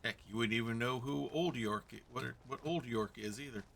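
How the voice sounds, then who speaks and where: A man's voice: mid-range voice, a little fast, vocal fry, a bit bright, slight background noise. A man from Kentucky giving chatty let's-play commentary, role-playing his way through a fantasy game and chatting with viewers and characters. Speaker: gamer role-playing as himself.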